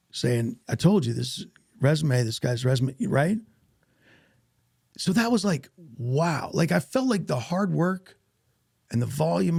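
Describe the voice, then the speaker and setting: Guy actor spinning stories, gravelly husky voice, super lively pitch, dry close sound. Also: dry recording. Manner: animated, acts out quoted voices. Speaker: actor guest. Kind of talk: casual storytelling interview.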